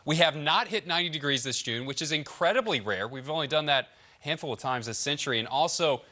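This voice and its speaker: A man presenting the weather on a morning TV show in a studio, energetic and stressing his figures. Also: a little high, fast. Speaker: meteorologist. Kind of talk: TV weather chat.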